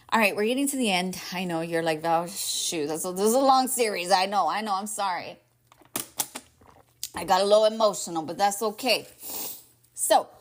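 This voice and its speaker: Chatty emphatic woman podcast host. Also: medium pitch. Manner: chatty and emphatic, lots of "like" and "y'all". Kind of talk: casual solo podcast talk.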